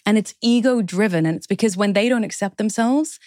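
A woman's voice: mid-range voice, fairly quick, a little mellow. A woman talks as a guest in an interview. She explains her points earnestly and in ordered steps. The sound is close and dry, with no room echo. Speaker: guest author. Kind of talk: interview conversation.

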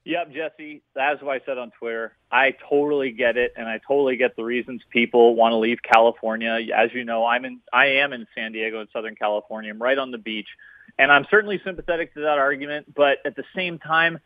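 A male guest calls in to a talk show, and his voice comes through a thin, tinny phone line. He speaks in an agreeable, measured, easygoing way, with a dry sound and no room echo. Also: medium pitch, steady tone. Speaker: guest commentator. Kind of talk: call-in talk show conversation.

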